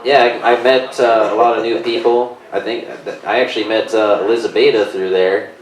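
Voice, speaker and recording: A man chatting as a guest on a live podcast, halting speech full of fillers. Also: on the low side, flat delivery, far from the mic. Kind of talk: casual live podcast chat. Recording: echoey room, off mic.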